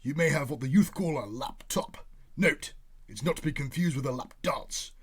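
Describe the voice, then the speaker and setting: A man's voice: fairly high pitch, moderate pace, husky. A man putting on a pompous, bumbling posh English politician with plummy, old-fashioned phrasing for a comedy sketch.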